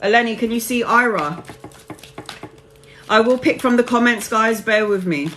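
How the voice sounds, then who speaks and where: A woman's voice: on the high side, moderate pace, a bit bright, a little hiss or hum. Casual woman tarot reader on a live stream. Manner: casual and affectionate, calls viewers honey and babes. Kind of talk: live-stream tarot reading, chatting with viewers.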